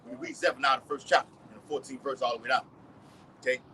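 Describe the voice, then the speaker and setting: A man with a Southern US accent reading scripture aloud and preaching outdoors, slow and loud. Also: mid-range voice, fairly even intonation, slight background noise, poor audio. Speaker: street preacher.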